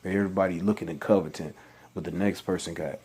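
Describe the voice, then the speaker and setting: Reading scripture and preaching in everyday language, a religious vlogger speaks quickly in a low voice with fairly even intonation, a little mellow and slightly rough. His informal talk is full of restarts and exasperated questions.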